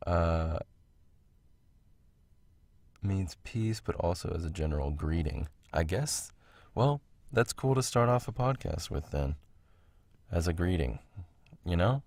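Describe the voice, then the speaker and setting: A man with a very low voice rambles through a casual solo podcast, drifting between tangents and chuckling at himself. The sound is dry and close to the mic, with no room echo, as if recorded at home. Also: expressive, takes it slowly, pauses often, darkish tone. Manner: rambling, self-interrupting, laughs at himself. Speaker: podcast host.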